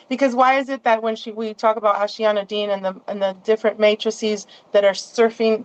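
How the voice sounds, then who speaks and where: A woman's voice: fairly high pitch, lo-fi sound. A woman as a guest in a casual interview, rambling along with many restarts and asides.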